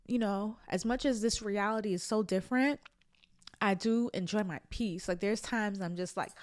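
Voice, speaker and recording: A woman's voice: mid-range voice, dry recording, clean studio sound. A woman hosting a podcast, talking candidly and reflectively to camera, with many "like" fillers. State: tearful at times. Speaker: podcast host. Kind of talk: candid personal talk to camera.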